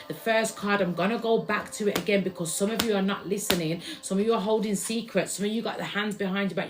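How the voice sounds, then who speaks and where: A woman giving a live card reading to her viewers, blunt and emphatic, who swears and greets people from the chat. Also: medium pitch. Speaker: tarot card reader.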